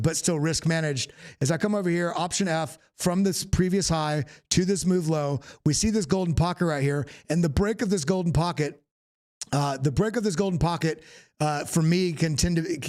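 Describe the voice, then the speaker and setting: His voice runs a bit high, slightly mellow and clean in tone. He's a Southern U.S. host doing live technical chart analysis on a stream, talking casually about the markets and frequently starting his sentences over as he thinks out loud.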